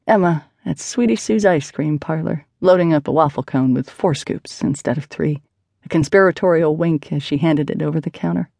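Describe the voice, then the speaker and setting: A woman's voice: low voice, moderate pace, gravelly, a little mellow, no echo. A woman narrating an audiobook in a wry, conversational manner. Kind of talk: scripted narration.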